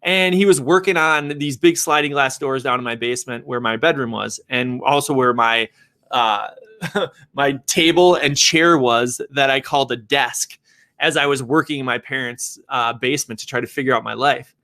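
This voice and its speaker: A man who works as a real estate agent and developer, telling a personal story in an animated, conversational way. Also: medium pitch, moderate pace.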